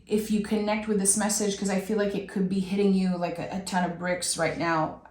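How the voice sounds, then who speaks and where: A woman giving an intuitive tarot reading, talking softly and emotionally, drawing her phrases out. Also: medium pitch, little pitch movement, roomy sound. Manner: slow, soft and emotional, with drawn-out phrases. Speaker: tarot reader.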